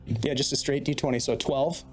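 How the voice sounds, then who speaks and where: A man's voice: mid-range voice, fairly even intonation, normal speed, slightly rough. A man narrating as dungeon master, steadily setting scenes and explaining the rules. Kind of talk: narrating a tabletop game.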